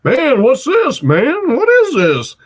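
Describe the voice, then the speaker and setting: A man voicing a very tall fellow meeting something new, with loud, wondering exclamations in a much higher voice. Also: huge pitch swings, takes it slowly, husky, full character voice. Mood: amazed. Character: huge man, amazed and game.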